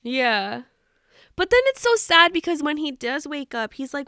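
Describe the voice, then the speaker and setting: Animated young woman recapping a book. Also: high voice, measured pace, no echo, clean studio sound. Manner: animated, laughing, acts out quotes in hushed voices. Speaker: podcast co-host. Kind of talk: casual book chat.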